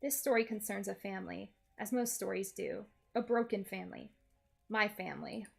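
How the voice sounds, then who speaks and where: A woman's voice: medium pitch, normal speed, creaky, breathy edge, faint music behind. A woman voicing a pompous, grandiose small male villain while reading a game aloud. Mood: haughty. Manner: pompous, theatrical.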